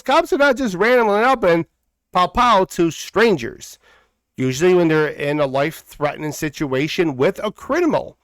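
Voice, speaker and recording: A fired-up man hosts a commentary podcast. His voice sits a little high for a man. He preaches at the listener and hammers each point again and again, recorded close and dry. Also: no room sound. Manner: heated, preachy, repeats phrases for emphasis. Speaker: podcast host.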